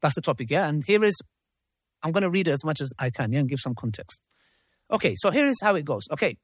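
A man's voice: a little high, lively intonation, a little fast, no room sound, clean studio sound. A man hosts a live discussion and reads messages aloud, adding his own commentary. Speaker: host.

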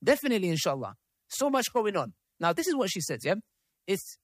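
A man's voice: high voice, big pitch swings, brisk. A man leads a live panel discussion and reads messages aloud, breaking off for asides and checks with the room. His voice rises and falls a great deal. The sound is close and dry, with little room echo. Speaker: host of a debate panel.

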